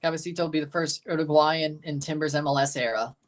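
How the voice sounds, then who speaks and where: A man's voice: on the high side, fairly even intonation, fast talker. A man hosting a live match watchalong, chatting casually and answering viewer comments as he reads them. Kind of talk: casual live reaction chat.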